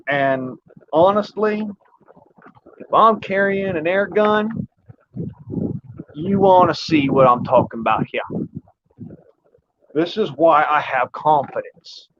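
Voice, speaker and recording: A man's voice: on the high side, noisy background. A man chatting casually in a rambling, folksy way, with an occasional swear. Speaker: vlogger. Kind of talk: casual chat while showing an air gun. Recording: slightly muffled lo-fi audio.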